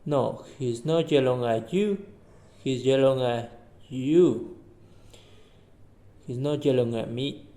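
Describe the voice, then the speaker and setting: An English learner, a man with a mellow, mid-range voice, answers practice questions and reads aloud. He speaks slowly and haltingly, restarting phrases.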